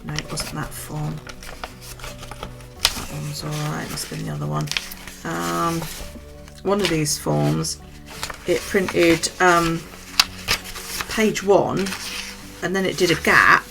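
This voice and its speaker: Gravelly-voiced chatty British woman. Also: low voice, steady tone, takes it slowly, pauses often, music in the background. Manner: chatty, gossipy storytelling, swears freely. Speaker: vlogger. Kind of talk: casual chat to camera.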